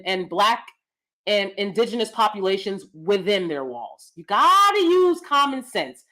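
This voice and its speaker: A woman's voice: fairly high pitch, fairly bright tone. An American woman with a regional accent that slips in and out of neutral speech, giving emphatic opinion commentary to her viewers. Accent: American regional accent mixed with neutral speech. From United States. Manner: emphatic, lecturing, repeats points with "okay?". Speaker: commentary vlogger.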